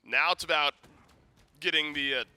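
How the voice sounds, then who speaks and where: Male esports analyst, very bright tone, chatty with restarts. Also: fairly high pitch, normal speed, smooth. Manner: conversational, many restarts and fillers.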